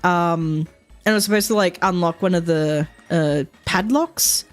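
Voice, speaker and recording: A woman's voice: fairly low pitch, measured pace, soft background music. A young woman, telling a long story as a streamer, rambling with lots of fillers and quoted asides. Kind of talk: casual storytelling while streaming.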